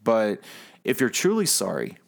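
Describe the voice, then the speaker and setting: A man's voice: lowish voice, huge pitch swings, a little slow, creaky. A man co-hosting a casual talk show, ranting angrily with lots of swearing. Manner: angry, swearing, rising to shouty outbursts. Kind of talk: casual profane rant.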